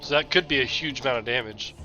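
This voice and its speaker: A man's voice: mid-range voice, fast, sharp tone, soft background music. Man at the game table laying out a plan, plain mid voice, dull lo-fi sound. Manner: methodical, talks through tactics plainly. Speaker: player. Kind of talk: casual tabletop game talk.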